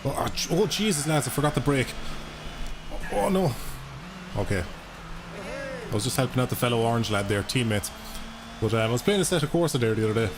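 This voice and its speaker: Over the din of racing game music and revving engines, a young streamer from Ireland chats loosely with his audience, swearing as he plays live. His medium-pitched voice has lively intonation, a fairly quick pace and frequent pauses.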